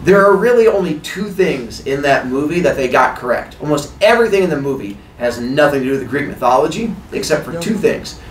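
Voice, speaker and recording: A man's voice: on the high side, animated, brisk, few pauses, a little hiss or hum. A man teaching a class, retelling a myth in a playful, jokey storytelling way. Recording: echoey classroom.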